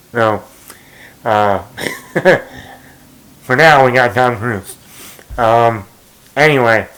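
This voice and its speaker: A man hosts his own movie talk in a loose, casual way. He rambles, fills pauses and restarts his sentences, at an ordinary mid pitch. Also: fairly bright tone, low-quality recording. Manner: rambling, many fillers and restarts. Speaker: movie commentary host.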